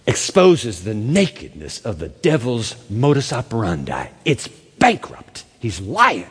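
A man's voice: mid-range voice, breathy edge. A man preaching a sermon as pastor, impassioned and emphatic, with dramatic swings. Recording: echoey church hall.

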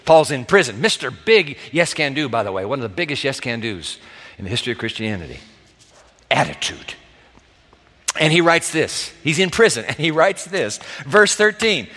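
A man's voice: mid-range voice, very animated, moderate pace, fairly bright tone. A male pastor preaching a dramatic sermon in a church, acting out the voices he quotes. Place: church sanctuary. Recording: reverberant hall.

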